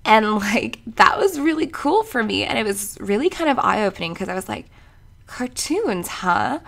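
A young woman from Maryland talks casually about her love of doing voices, hopping playfully between thoughts. Her middle-pitched voice carries a gravelly fry at the ends of phrases. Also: big pitch swings, moderate pace, fairly bright tone. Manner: chatty, playful, often slips into put-on voices. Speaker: voice actor. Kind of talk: casual vlog introduction.

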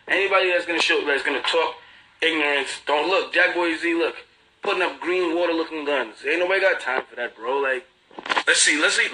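A man's voice: a little high, a little fast, bright, forceful tone, rough recording. A young man with a New York accent, casually chatting and teasing commenters on a livestream. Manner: laid-back, slangy, mocking. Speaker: livestream host.

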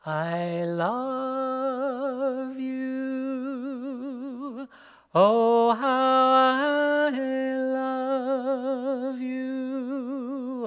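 A preacher singing as a loving father crooning a slow, tender song to his son. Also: very high-pitched, clean tone, pitched above the performer's own voice, full character voice. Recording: long hall reverb.

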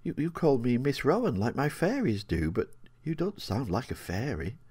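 A man's voice: mid-range voice, sing-song, normal speed, darkish tone, breathy edge, no room sound, pitched above the performer's own voice. A man voicing a curious, eager little girl in a storybook reading.

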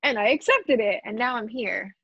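A woman's voice: a little high, expressive, normal speed, creaky, a bit bright, breathy edge, no room sound, muffled recording. A young woman guest on a podcast, telling a rambling, self-deprecating story in casual chat. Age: young adult.

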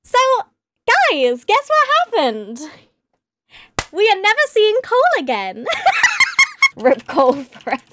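A British woman streaming a video game, chatting excitedly, laughing and squealing often. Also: extremely high pitch, takes it slowly, long pauses, slight background noise. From Britain. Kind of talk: gaming commentary.

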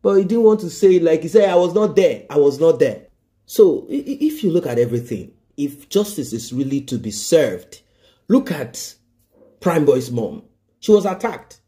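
A man's voice: a little high, very animated, moderate pace, warm tone. A man giving emphatic news commentary, stressing points by repeating them and asking rhetorical questions.

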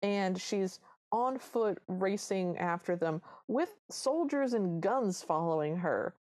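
A woman's voice: medium pitch, lively intonation, takes it slowly, a little mellow. A woman co-hosting a podcast, chatting enthusiastically about a film with plenty of "like"s. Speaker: podcast co-host. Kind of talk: casual chat recapping a film.

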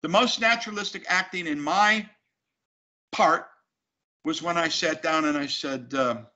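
A man's voice: on the high side, measured pace, sharp tone. A man, an actor, talking emphatically and animatedly as an interview guest. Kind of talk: casual interview talk. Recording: dull lo-fi sound.

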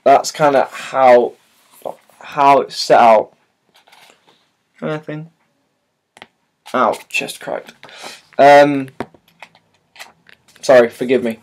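A man's voice: medium pitch, fairly even intonation, very slow, long pauses, a little mellow. A man chatting casually and hesitantly as he unboxes and shows a new book, with many fillers and restarts. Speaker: vlogger.

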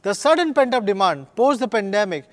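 A man's voice: high-pitched, sing-song, fairly quick. A man, a company executive delivering an earnest, upbeat scripted keynote at a product launch.

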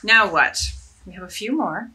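A woman's voice: medium pitch, lively intonation, normal speed, bright, forceful tone, slightly rough. A woman chatting casually and enthusiastically as she demonstrates ways to tie scarves, with a self-deprecating humor. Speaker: fashion vlogger.

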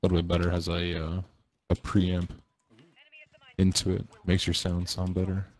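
Deep gravelly gamer guy. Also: monotone, measured pace, darkish tone. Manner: joking, laid-back banter. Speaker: teammate in voice chat. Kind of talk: casual gaming chat.

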